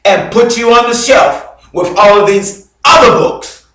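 A bishop preaches a sermon in a high, very animated voice, speaking a little slowly and lingering over every phrase. He tells his story dramatically, swinging between loud bursts and hushed drops, while the mic sits far off in a very echoey church hall.

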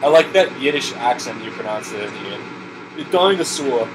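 A man's voice: medium pitch, a little fast. A young man joking and teasing his friends during a let's play, laughing often. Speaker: friend commenting on a game. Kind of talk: casual let's-play chat. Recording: noisy home gameplay recording.

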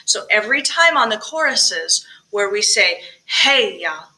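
A very animated woman with a medium pitch and a pushed, bright voice leads choir rehearsal at a measured pace, in a rough recording made alone for virtual practice. Between spoken tips on diction and breathing, she sings short phrases as demonstrations.

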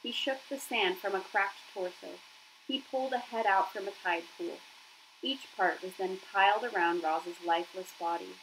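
A woman's voice: mid-range voice, a little hiss or hum, rough recording. A woman reading a children's novel aloud as narrator, telling the story expressively.

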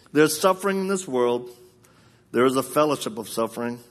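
A man preaching a live sermon, telling personal stories with laughs, then urging the crowd directly. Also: mid-range voice. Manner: lively storyteller who laughs often and acts out quotes.

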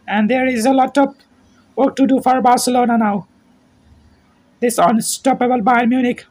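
A man's voice: very high-pitched, steady tone, normal speed, long pauses. A man giving play-by-play football commentary, calling out player names in short bursts and raising his voice at goals. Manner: terse name-calling play-by-play, shouts at goals.

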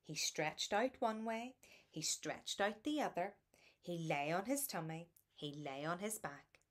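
A woman reading a children's bedtime picture book aloud in a soft, soothing, lilting way. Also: fairly low pitch, animated, a little slow. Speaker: storybook reader.

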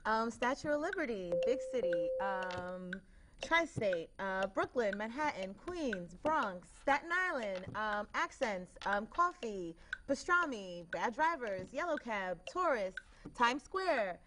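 A woman's voice: fairly high pitch, very animated, takes it slowly, sharp tone. A woman from New York, a game show contestant, answering hesitantly with many ums. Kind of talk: answering quiz prompts. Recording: noisy background.

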